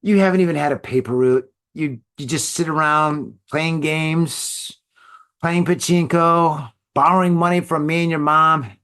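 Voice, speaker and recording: A man's voice: fairly high pitch, fairly even intonation, measured pace, fairly bright tone, smooth. A man voicing a fed-up older father scolding his grown son. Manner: scolding, exasperated.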